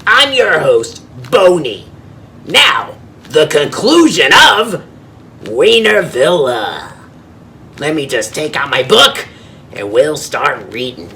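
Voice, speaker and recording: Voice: medium pitch, very animated, slow, slight background noise, exaggerated voice. A performer playing Boney, a cheerful host who reads stories aloud from a book. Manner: bright, upbeat storyteller.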